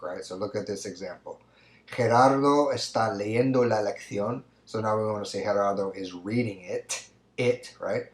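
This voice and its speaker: Man teaching in an echoey room. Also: on the low side. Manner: explanatory, repeats "right?" often. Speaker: Spanish teacher. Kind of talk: recorded grammar lesson.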